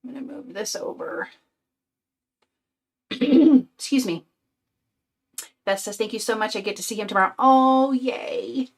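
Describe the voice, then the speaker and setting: An older woman hosts a casual live craft stream, speaking at a fairly high pitch, unhurried and pausing often. Chatty, sweet and upbeat, she reads out viewer comments, though she sounds tired and a bit out of breath.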